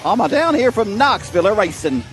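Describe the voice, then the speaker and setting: A British man putting on a showy old-fashioned Southern drawl, slow and grand. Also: high-pitched, sing-song, soft background music, voice pushed up.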